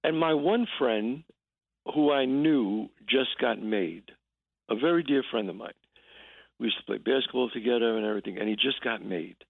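Gravelly-voiced man over a tinny phone line. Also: medium pitch, dry recording. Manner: halting storytelling full of restarts and acted-out quotes. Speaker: actor and guest. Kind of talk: telling a story in a radio interview.

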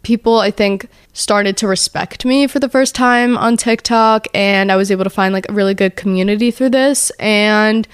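A woman's voice: medium pitch, normal speed, hardly any pauses, smooth, no echo, clean studio sound. A woman in her twenties hosting a podcast, telling a candid personal story in a chatty, emotional way with lots of "like". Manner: chatty, emotional, heavy use of "like". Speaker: podcast host.

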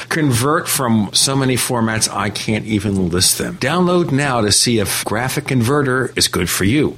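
Husky-voiced male talk radio host. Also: medium pitch, a bit bright. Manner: blunt, opinionated questioning. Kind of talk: radio interview and host-read ad.

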